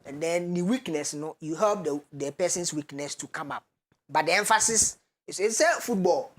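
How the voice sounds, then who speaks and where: Speaking at a fairly low pitch, a Ghanaian-accented woman serves as a talk show's guest expert, laying out her points step by step in a measured manner, with hesitant fillers between Twi and English.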